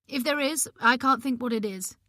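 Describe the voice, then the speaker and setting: A woman narrator voicing a weary young husband who speaks in a flat, cool, firm tone. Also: sits high, moderate pace, no room sound, clean studio sound.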